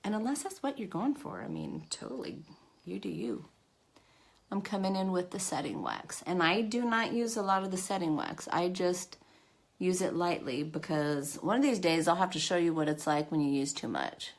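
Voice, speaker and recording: A woman's voice: lowish voice, big pitch swings, normal speed, creaky. Chatty woman hosting a makeup livestream. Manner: chatty, self-deprecating, talks to viewers by name. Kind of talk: casual live makeup tutorial.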